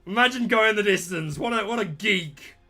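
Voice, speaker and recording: A man, hosting a card-opening video with jokey, excitable commentary and bursts of shouting. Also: high-pitched, normal speed, soft background music. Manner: excitable, jokey trash talk with sudden shouts. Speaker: trading card channel host. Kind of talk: casual pack-opening commentary.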